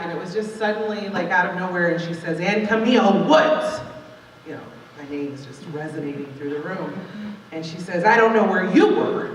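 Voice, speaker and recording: A woman in her forties telling a personal story on stage, animated, expressive and conversational. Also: fairly low pitch, slight background noise. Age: 40s. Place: large event hall. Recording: echoey hall from far off.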